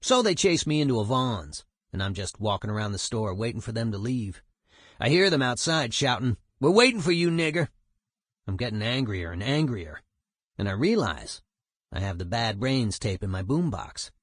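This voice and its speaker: A man's voice: lowish voice, big pitch swings, normal speed, slightly rough, no echo, studio quality. A man voicing a streetwise male punk musician, telling a story in a profane, emphatic way. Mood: animated.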